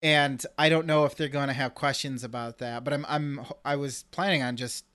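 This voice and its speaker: A man co-hosting a podcast, telling an animated story in casual chat and acting out his own reactions. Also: medium pitch, moderate pace, no echo, studio quality. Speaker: podcast co-host.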